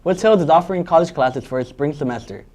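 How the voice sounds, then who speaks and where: A teenage boy anchoring a school news show, reading scripted links in a brisk, upbeat way. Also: fairly high pitch, animated, darkish tone. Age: teens.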